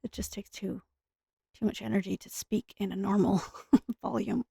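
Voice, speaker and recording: A tired woman giving soft-spoken, rambling commentary while she plays a game, with self-deprecating asides. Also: mid-range voice, fairly even intonation, normal speed, vocal fry, husky, dry recording, clean studio sound. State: tired, speaking softer and lower. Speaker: gaming streamer. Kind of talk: casual gameplay commentary.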